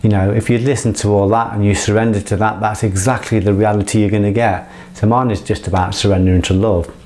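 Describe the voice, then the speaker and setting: A middle-aged man with a fairly low voice speaks in an earnest, impassioned monologue. He swears freely and rambles, often restarting his sentences as he pushes his point. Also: level tone, fast talker, darkish tone. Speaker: motivational speaker.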